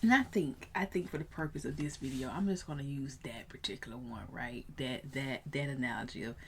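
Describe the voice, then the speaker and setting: A woman in her thirties, a coach, telling a personal story in a casual vlog, animated and prone to rising in excited bursts. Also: rumbling low, brisk, a little hiss or hum. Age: 30s.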